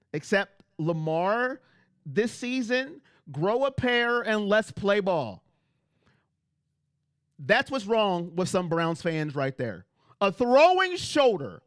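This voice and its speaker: A man's voice: high voice, fairly bright tone, no room sound, studio quality. A man hosting a casual fan livestream on a headset mic, talking emphatically and repeating himself as he speaks straight to his chat.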